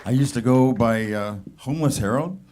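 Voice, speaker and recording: A man's voice: medium pitch, moderate pace, over a noisy crowd. A man performing at an open mic, chatting casually and self-deprecatingly before singing country songs. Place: small showroom stage. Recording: live guitar music loud behind.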